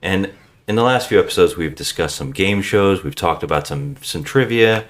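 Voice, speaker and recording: A deep-voiced man hosts a casual movie podcast, his pitch swinging widely as he jokes and swears through quick banter. He keeps things loose and conversational. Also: animated. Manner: joking, profane, quick banter. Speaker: podcast host.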